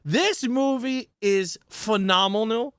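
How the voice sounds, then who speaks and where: A man co-hosting a casual movie review chat, animated and laughing as he acts out favorite scenes. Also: sits high, takes it slowly, smooth, dry recording, studio quality. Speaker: podcast co-host.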